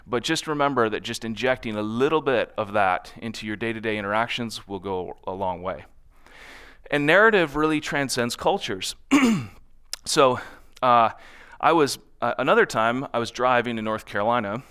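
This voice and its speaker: A man's voice: fairly low pitch, pushed and bright, smooth. Man giving a conversational conference talk. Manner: conversational, often adds "right?" to check in. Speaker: conference speaker. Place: conference stage in front of an audience.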